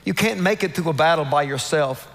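A male pastor preaching with a somewhat high voice, slowing and leaning into the quoted verses. His words ring out with a long reverb, as if across a big church hall. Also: creaky. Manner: emphatic preaching, slows down to stress scripture quotes. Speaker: senior pastor. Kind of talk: sermon. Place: large church sanctuary.

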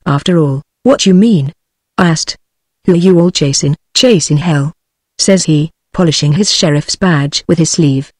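A text-to-speech woman's voice with a British accent, reading a western story aloud, the dialogue in the same even voice. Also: sits low, moderate pace, no echo. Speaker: narrator.

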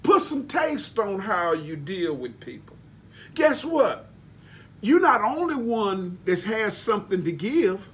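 A man's voice: high voice, sing-song, slow pace, a bit bright. A man preaching a sermon, emphatic and folksy, spelling out words for emphasis. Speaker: pastor.

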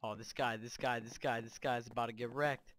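A man hosting Minecraft gameplay commentary on a cheap microphone, excitable and boastful, trash-talking as he plays. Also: medium pitch, brisk, slight background noise. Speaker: gaming channel host.

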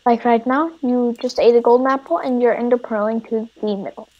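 A woman chatting while gaming, playfully putting on an accent with broken English and drawn-out teasing lines. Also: fairly high pitch, fairly even intonation, lo-fi sound. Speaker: gamer. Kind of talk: casual gaming chat.

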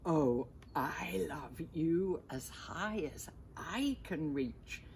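Grandma voicing big gentle storybook hare, fond, slow, a touch low. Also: female voice, lively intonation, creaky, a little hiss or hum, exaggerated voice.

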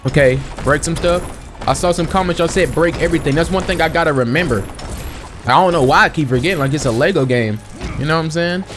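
Excitable slangy young man gaming. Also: on the high side, quick pace, music in the background. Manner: excitable, slangy, talks to himself and viewers while playing. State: sniffly. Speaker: gaming channel host. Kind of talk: casual let's-play commentary.

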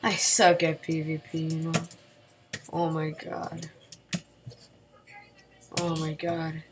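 A woman giving casual gameplay commentary at her home computer at night, excitable, yelping and repeating words when she panics. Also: deep voice, takes it slowly, noisy background.

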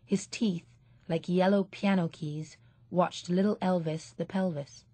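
Low-voiced woman narrating an audiobook. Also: fairly even intonation, a little slow, dark tone, dry recording. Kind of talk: scripted narration.

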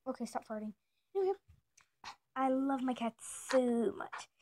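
Woman, high voice, playful, jokey, gushing, whispered asides, casual vlog chat. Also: expressive, a little slow, dark tone, slight background noise. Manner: gushing and silly. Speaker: animation channel host.

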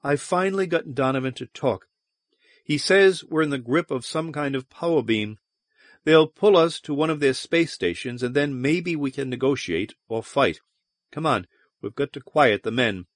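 A man voicing a firm, steady woman starship captain who talks briskly. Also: medium pitch, no echo, clean studio sound, natural voice. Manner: brisk and commanding.

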